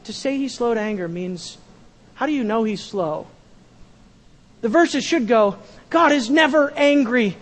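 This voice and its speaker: Man preaching, very high voice, emphatic, repeats lines, loud then hushed. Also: long reverb tail. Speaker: pastor. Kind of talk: sermon.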